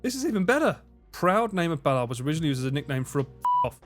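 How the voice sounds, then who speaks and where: A man's voice: a little high, big pitch swings, very fast, loud music behind the voice. An English man chatting casually on a live stream while gaming, swearing freely and laughing often. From England.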